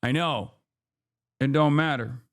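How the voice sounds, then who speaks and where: A man's voice: a little high, slow. A man hosting a live stream, ranting about politics with heavy profanity and exasperated sarcasm. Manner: sarcastic mock voices. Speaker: streamer host.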